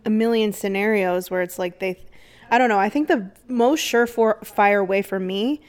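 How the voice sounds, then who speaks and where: A woman's voice: medium pitch, moderate pace. Chatty young woman, full of fillers. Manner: chatty, many fillers, laughs often. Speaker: podcast co-host. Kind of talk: casual chat.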